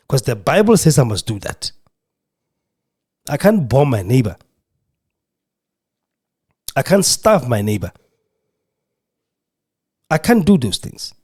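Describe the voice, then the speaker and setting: Guy hosting, all worked up and preachy, voice jumps all over, warm and mellow tone. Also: medium pitch, breathy edge. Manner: emotional, preaching fervor. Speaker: podcast host. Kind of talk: impassioned monologue. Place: radio studio.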